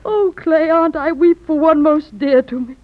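An actress playing an earnest young daughter who speaks in a tearful, pleading way, in vintage stage-play style. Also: female voice, high voice, a little slow, no room sound. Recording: muffled lo-fi old recording.

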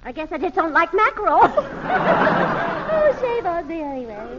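A woman's voice: very high-pitched, sing-song, normal speed, over a noisy crowd, very noisy. An actress playing a giggly, scatterbrained woman suspect in a 1940s radio comedy. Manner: giggly, ditzy. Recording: muffled live radio recording with audience.

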